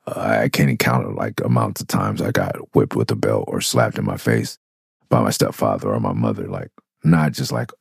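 This rapper and podcast host, a middle-aged Los Angeles man, talks a little fast in a very deep, husky voice with vocal fry, a darkish tone and big pitch swings. His candid storytelling monologue is raw and profane, rambling with restarts and loops back on itself. The recording is dry and studio quality.

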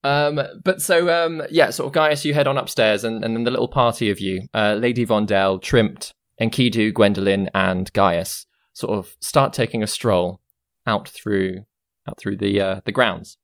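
A man runs a tabletop game, narrating in an easygoing, chatty way. His voice sits at an ordinary pitch, recorded dry and close with almost no room sound. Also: normal speed, gravelly, no echo. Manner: relaxed, chatty, with fillers. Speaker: game master.

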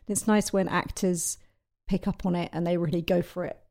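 A woman's voice: on the low side, steady tone, a little fast, creaky, dark tone. A woman comedy writer, a podcast guest, chatting casually with trailing restarts.

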